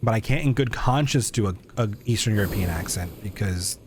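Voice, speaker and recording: A man's voice: lowish voice, fairly quick, noisy background. A young man streaming a game live, chatting in self-mocking asides as he plays. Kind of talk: live gameplay commentary.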